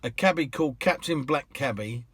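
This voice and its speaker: A man's voice: mid-range voice, expressive, normal speed, fairly bright tone, breathy edge, no room sound. A man with a British accent, a cab driver telling casual anecdotes in a chatty, rambling way. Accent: British English. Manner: chatty, rambling, with restarts and laughs.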